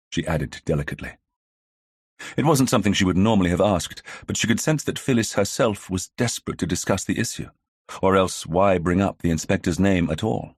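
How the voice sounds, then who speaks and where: A man narrating an audiobook in a measured, even storytelling manner. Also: sits low, breathy edge, no echo, clean studio sound. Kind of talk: scripted narration.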